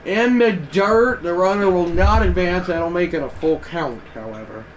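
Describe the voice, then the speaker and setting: Streamer, male, fairly high voice, casual play-by-play for a baseball video game, chatty and self-correcting, faint hiss behind. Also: normal speed. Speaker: livestreamer and play-by-play announcer.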